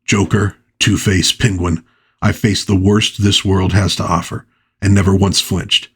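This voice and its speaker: A brooding caped crime-fighter, uneasy and talking himself into facing what comes next, as a man reads him from a comic page. The voice stays low and slightly husky. It sounds close to everyday speech, read plainly from a comic book. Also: flat delivery, unhurried, exaggerated voice.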